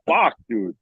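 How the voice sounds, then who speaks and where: A man's voice: very high voice, a bit bright, breathy edge, dry recording. A man in casual podcast chat, ranting in a profane, exclamatory way. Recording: dull, slightly lo-fi recording.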